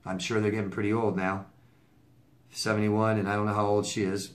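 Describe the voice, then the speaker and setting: A man's voice: lowish voice, little pitch movement, brisk. A man working as a relationship coach, answering viewer letters in a casual advice monologue, blunt and repeating himself for emphasis with stammered restarts.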